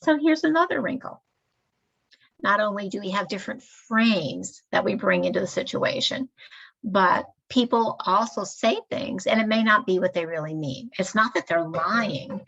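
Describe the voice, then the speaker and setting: A woman giving a measured, explanatory staff training lecture. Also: medium pitch, lively intonation, creaky, a bit bright. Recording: dull lo-fi recording.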